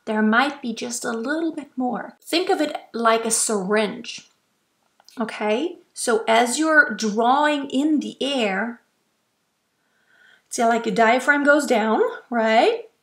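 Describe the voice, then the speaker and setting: A woman's voice: fairly high pitch, takes it slowly, a bit bright. A woman from Germany, a vocal coach patiently explaining and demonstrating breathing exercises. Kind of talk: instructional explanation.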